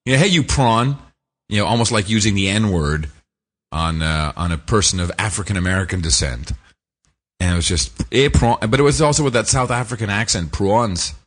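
A man's voice: fairly low pitch, brisk, fairly bright tone. A man co-hosting a casual podcast, rambling through a film recap with fillers, restarts and laughs. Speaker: podcast co-host. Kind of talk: casual chat.

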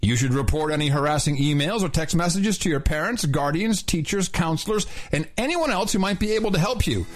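A man's voice: brisk, hardly any pauses. A man hosting a casual talk show, reading aloud from a book in a mock-solemn way. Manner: mock-solemn reading with lively pitch swings, breaking into laughs. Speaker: podcast host.

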